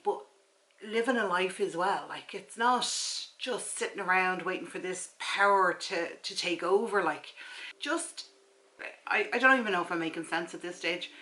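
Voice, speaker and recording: Irish mum in her 40s, chatty storytelling to camera at home, bright tone, slightly low pitch. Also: rough recording. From Ireland. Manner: chatty storytelling, acts out friend's replies. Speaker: vlogger. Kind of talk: casual chat to camera. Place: her house, front room. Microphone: camera mic.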